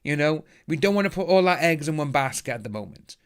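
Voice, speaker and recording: Guy on a livestream, kinda high voice, upbeat and rambly, thanking chat. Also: lively intonation, fast, clean tone. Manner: chatty, upbeat, thanks donors by name. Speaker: livestream host reading chat. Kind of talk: casual live stream chat.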